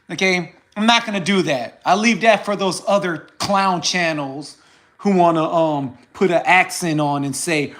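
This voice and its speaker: An American man with a fairly high voice talks through a casual vlog, unhurried and loose. He circles back over his points and keeps checking in with "okay?" and "right?". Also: a bit bright. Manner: chatty, repeats himself, tags lines with "okay?" and "right?". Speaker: boxing commentator, channel host.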